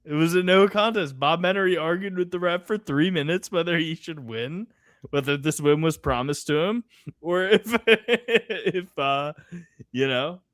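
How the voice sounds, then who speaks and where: A man's voice: a little high, measured pace, a bit bright, no room sound, clean studio sound. A man co-hosting a casual sports betting podcast who tells stories animatedly and laughs mid-sentence. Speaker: podcast co-host.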